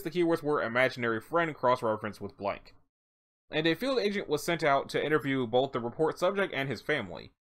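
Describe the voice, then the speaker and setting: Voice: medium pitch, a bit bright. A tired narrator reading a wiki entry aloud, stumbling over words and adding casual asides. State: tired, yawning. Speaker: let's-read narrator.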